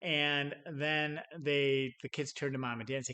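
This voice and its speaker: A man's voice: on the high side, flat delivery, moderate pace, bright, forceful tone. A middle-aged man teaching sales in an unscripted talk, telling stories with acted-out quotes, chuckling and restarting his phrases often. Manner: many restarts and repeated words. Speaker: sales trainer.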